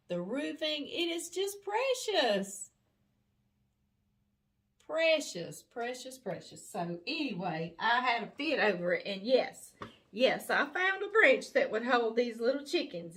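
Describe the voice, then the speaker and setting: A woman's voice: mid-range voice, a bit bright. Lady from opening mail on her channel, gushy and giggly, says precious a lot. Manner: gushing, effusive, laughs often. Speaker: cooking channel host. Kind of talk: casual chat opening fan mail.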